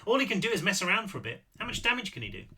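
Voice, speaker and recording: A gruff, blustering male agent, as a man voices him while reading his book. He talks brusque and dismissive in a bright, pressed voice. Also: sits high, sing-song, racing, pitched above the performer's own voice, heavily acted.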